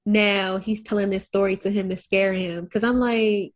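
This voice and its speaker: Woman podcast co-host, middle pitch, slangy and emphatic in casual chat. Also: steady tone, moderate pace.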